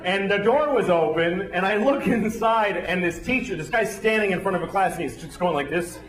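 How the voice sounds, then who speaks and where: A man doing a stand-up routine on stage, telling a profane story in a deadpan way and acting out the people in it. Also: high voice, moderate pace. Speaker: stand-up comedian. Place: comedy stage before a live audience. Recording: roomy hall with crowd laughter.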